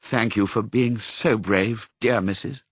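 A man voicing a loving, steady father Dalmatian in a storybook, measured and earnest. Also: fairly low pitch, breathy edge, no echo.

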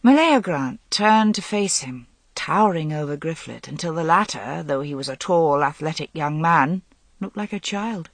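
A narrator reading a medieval novel aloud in a steady storytelling manner. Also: mid-range voice, normal speed, no room sound. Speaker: audiobook narrator. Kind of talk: scripted narration.

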